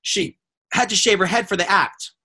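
A man's voice: high voice, moderate pace, sharp tone, a little hiss or hum, rough recording. A man co-hosting a podcast in casual chat, gushing, profane and rambling. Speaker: podcast co-host.

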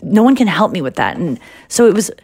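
A woman in her forties hosts a podcast in casual conversation, her voice low and gravelly. She tells stories with lively quick impressions of the people in them. The sound is close and dry. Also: no echo. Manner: animated storytelling, quick impressions of others. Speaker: podcast host. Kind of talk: casual chat.

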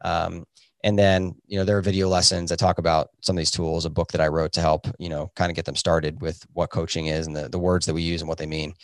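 A man's voice: low voice, level tone, fast, dry recording, clean studio sound. A man, a physician, answering podcast interview questions in an earnest, reflective way with many fillers. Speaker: physician and coaching program founder.

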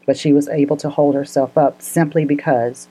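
A woman with a low voice tells a story in casual podcast chat. Her tone is soft and mellow, and she speaks earnestly with frequent laughter. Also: fairly even intonation, moderate pace, husky, rough recording. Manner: earnest, laughs often, gets emotional.

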